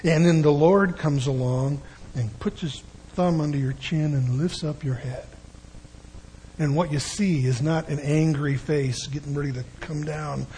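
A man's voice: a little high, steady tone, a little slow, mellow, a little hiss or hum, low-quality recording. An older man giving a folksy, conversational sermon with frequent asides. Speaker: preacher.

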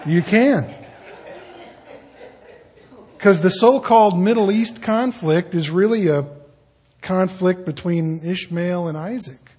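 A man's voice: high voice, slow pace, long pauses, mellow, breathy edge. A man preaching a casual sermon, telling stories and acting out the people in them. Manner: conversational storytelling, acting out quoted voices. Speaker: pastor.

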